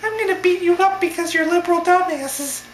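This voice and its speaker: A man voicing a belligerent, childish grown man with a squeaky Muppet-like voice, whining the same taunts over and over. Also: a little fast, a bit bright, echoey room, a little hiss or hum. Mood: taunting. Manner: shrill, whiny, repeats taunts.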